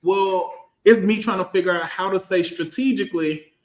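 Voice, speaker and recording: A man in his thirties, a finance professional on a casual panel, talking in an animated, storytelling way. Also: sits high, normal speed, echoey room. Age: 30s. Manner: animated, storytelling, acts out quotes.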